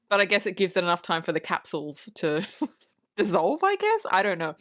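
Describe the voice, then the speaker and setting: A woman co-hosting a casual film chat, her pitch sitting right in the middle of a woman's range. She retells scenes with playful quoted lines, curses freely and laughs often. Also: brisk. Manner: animated storytelling with acted quotes. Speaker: podcast co-host.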